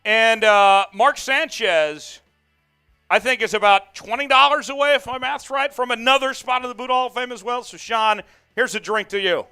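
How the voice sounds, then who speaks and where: Soft music sits under a very high-pitched man's smooth, sharp-toned voice at a normal speed. He's the host of a live sports watch-along stream, fired up as he calls the action and reads out viewer comments.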